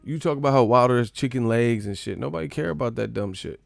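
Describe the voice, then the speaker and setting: Gravelly-voiced man, loose profane banter. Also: quick pace, hardly any pauses, no room sound. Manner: profane, joking, mocking chat in silly high voices. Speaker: live stream host. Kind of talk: casual live-stream chat reading comments.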